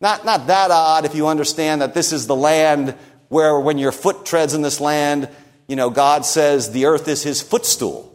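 A man preaching a verse-by-verse sermon in a relaxed, conversational way, with a slightly high voice. He keeps checking in with his listeners with quick rhetorical questions and slips in dry, wry humor as he explains. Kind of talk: expository sermon.

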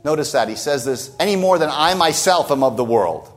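A man's voice: a little high, lively intonation, brisk, soft background music. A man preaching a sermon, teaching from a Bible passage with emphatic stresses and rhetorical asides.

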